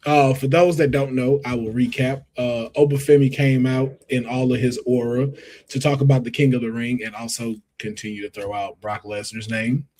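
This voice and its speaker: A man hosting a wrestling podcast, talking in an animated, emphatic, slangy way in casual chat. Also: medium pitch, normal speed. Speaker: podcast host.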